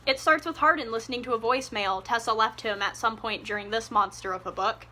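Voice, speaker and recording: A woman's voice: a little high, fast talker, sharp tone. A young woman giving a casual, ranting book review, exasperated and sarcastic, swearing freely.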